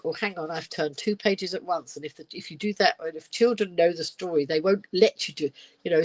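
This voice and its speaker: A woman's voice: low-pitched, a little hiss or hum, rough recording. Chatty older grandmother reading aloud. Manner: chatty asides, laughs often. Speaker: storyteller and live streamer. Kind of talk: reading a children's picture book aloud.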